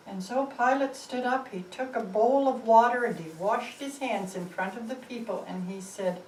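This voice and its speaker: A woman storyteller telling a Bible story in a slow, expressive way, rising and falling with the drama. Her voice sits fairly high and is heard from a distance in an echoey room. A faint ambience hums behind her.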